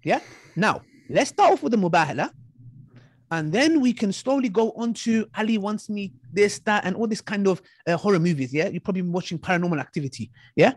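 A high-pitched man speaking fast in a heated online debate. He mocks his opponent, interrupts and repeats phrases over and over. His voice is husky, recorded dry and close. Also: no room sound. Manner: mocking, talks over the other, repeats himself. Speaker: online preacher debating an ex-Muslim.

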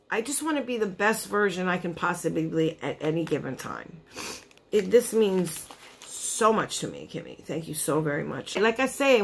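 Woman, vlogger, casual gushing chat, choked up, mid-pitched voice. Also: fairly bright tone, husky. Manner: gushing, emotional, chatty with lots of "like" and "you know". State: choked up, near tears.

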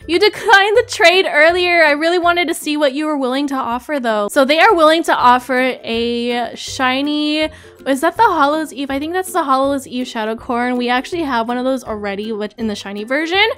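A young woman doing gameplay commentary as a YouTuber, excitable and gushing, often apologetic. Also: sits high. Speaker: gaming YouTuber.

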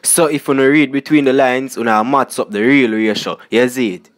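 Brief: young Jamaican man, mid-pitched, easygoing vlog commentary full of "you see me" asides. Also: fairly even intonation, moderate pace, background noise. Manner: chatty, repeats "you see me" constantly. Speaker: vlogger. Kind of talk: casual commentary on song lyrics.

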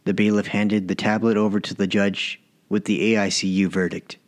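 A man narrating his own short story as an audiobook, in a measured, even reading. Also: low voice. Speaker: author and narrator.

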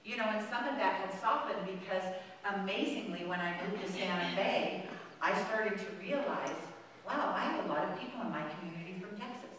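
A woman's voice: medium pitch, brisk, a crowd in the background. A woman in her sixties giving a conversational spiritual talk, telling personal stories in a chatty, exclamatory way with frequent ums. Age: 60s. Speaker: speaker at a spiritual center. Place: large hall of a spiritual center. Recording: echoey hall, voice from far off.

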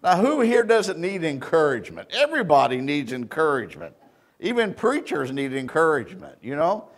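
Folksy Indiana preacher telling a story. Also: male voice, on the high side, huge pitch swings, normal speed. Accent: Southern Indiana. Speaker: pastor. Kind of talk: sermon. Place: church.

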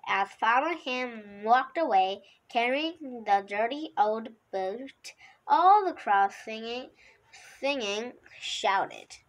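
A woman's voice: on the high side, expressive, rough recording. A woman reading a children's picture book aloud, with the odd slip and restart. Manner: slow, unhurried reading with occasional slips and restarts. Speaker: storybook reader.

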